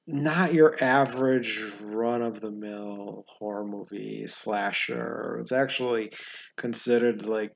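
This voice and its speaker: Gravelly-voiced man rambling about movies. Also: medium pitch. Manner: rambling, halting with many fillers and restarts; chuckles often while talking. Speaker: movie review host. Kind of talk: casual movie review.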